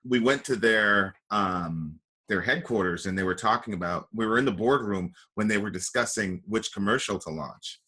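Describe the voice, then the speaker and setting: A man's voice: lowish voice, moderate pace, hardly any pauses, sharp tone, breathy edge. A man hosting an interview, telling a story and laughing as he talks. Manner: storytelling, laughs while talking. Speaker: interview host. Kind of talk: casual interview chat.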